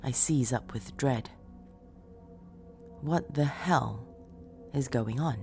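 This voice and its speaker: A woman narrating a first-person horror story in a dramatic, expressive way, moving between hushed lines and shouts. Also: rumbling low, slow pace, long pauses, faint music behind.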